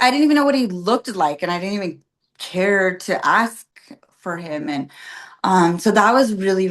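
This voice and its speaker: A woman with a fairly low voice tells her story in relaxed, rambling chat. She fills her talk with "like" and "um" and acts out the voices of the people she quotes. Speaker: podcast guest, birth worker. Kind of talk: casual personal storytelling.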